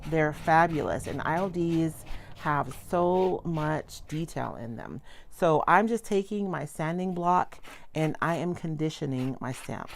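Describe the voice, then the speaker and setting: A woman's voice: low-pitched, creaky, slight background noise. A middle-aged woman chatting casually through a live craft demo at her home table, rambling and cutting herself off. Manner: chatty, rambling, self-interrupting. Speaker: craft product demonstrator.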